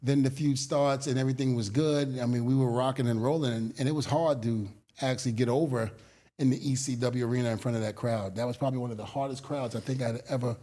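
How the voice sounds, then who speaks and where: A middle-aged man, a guest in an interview, telling animated stories in a casual way and laughing often as he goes. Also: mid-range voice, quick pace.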